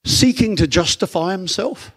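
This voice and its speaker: A middle-aged man with an Australian accent preaching in church, conversational and animated, full of rhetorical questions. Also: high-pitched, normal speed, breathy edge. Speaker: pastor. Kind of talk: sermon.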